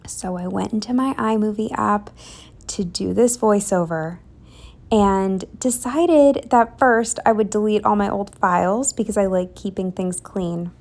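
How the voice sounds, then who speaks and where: In an unhurried, gravelly, slightly mellow mid-range voice, a young planner vlogger talks through a casual voiceover for a planning video. She rambles, sounds drained and exasperated, and now and then lowers her voice to a whisper.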